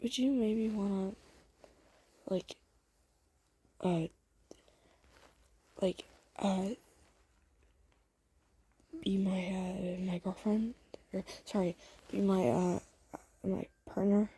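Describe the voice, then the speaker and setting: A sweet, shy teenage boy from a spoken fan story, halting and full of little hesitations, voiced plainly by a woman. The tone is dark and mellow with a breathy, husky edge. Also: medium pitch, flat delivery, no echo. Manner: hesitant, stammering with fillers.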